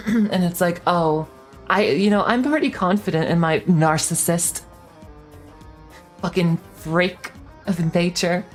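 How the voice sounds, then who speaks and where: A woman's voice: fairly low pitch, slow pace, pauses often, soft background music. A young woman in her twenties, a streamer ranting casually, heated and swearing with lots of fillers and restarts. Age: 20s. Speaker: VTuber streamer.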